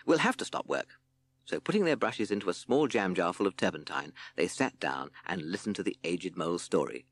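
A man narrating a children's audiobook in an expressive storytelling manner. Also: deep voice, fairly quick, few pauses, no room sound.

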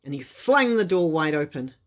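Expressive woman reading a bedtime story. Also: sits low, moderate pace.

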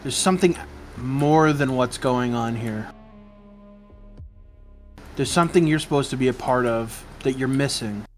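A man narrating as game master in a tabletop game, slow and measured. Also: medium pitch, faint music behind.

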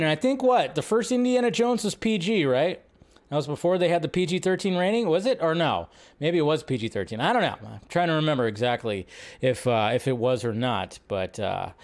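A man hosting a casual livestream, chatting and rambling about film news, now and then shouting out quoted lines. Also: on the high side. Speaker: livestream host.

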